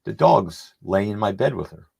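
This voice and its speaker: A middle-aged man's voice, low and gravelly, with a rough fry. He rambles through a long personal story on a podcast, doubling back on himself and acting out what others said. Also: lively intonation, moderate pace, a little mellow. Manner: rambling, anecdotal, acts out quoted dialogue. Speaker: podcast panelist. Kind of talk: casual storytelling.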